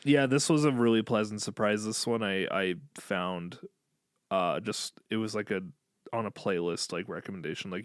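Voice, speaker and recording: A man from Illinois co-hosts a casual music podcast, his voice sitting low. He talks in loose, enthusiastic rambles full of "like" and "um," sounding close and dry on the mic. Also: moderate pace, clean tone, no echo. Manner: rambling, filler-heavy, enthusiastic. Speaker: podcast co-host. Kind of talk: casual music review chat.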